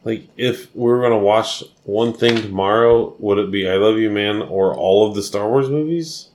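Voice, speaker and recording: A man's voice: lowish voice, moderate pace, darkish tone, slight background noise. A tipsy man co-hosting a casual podcast, rambling and laughing often as he answers questions. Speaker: podcast co-host. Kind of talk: casual chat.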